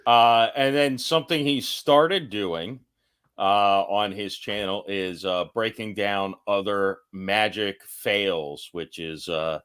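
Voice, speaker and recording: A man's voice: lowish voice, slow, fairly bright tone, clear, resonant tone. A man hosting a podcast, chatting casually in a rambling, self-correcting way. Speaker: podcast host. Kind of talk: casual chat.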